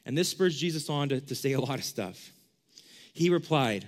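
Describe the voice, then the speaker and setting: A man's voice: mid-range voice, animated, moderate pace. A young man giving a casual sermon as a youth pastor, conversational and full of "like", acting out the questions he quotes. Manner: conversational, lots of 'like', acts out quoted questions.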